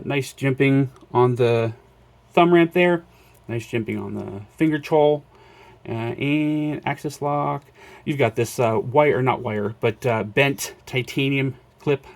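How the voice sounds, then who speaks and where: A man's voice: medium pitch, gravelly, darkish tone. A man casually showing off his collection in a vlog, rambling with many fillers and self-corrections. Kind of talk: casual show-and-tell vlog.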